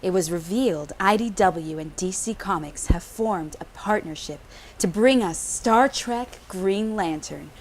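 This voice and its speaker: A woman putting on a deep, mock-seductive voice to read comic book news as a sultry female newsreader. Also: slight background noise. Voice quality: deep, drawn-out delivery.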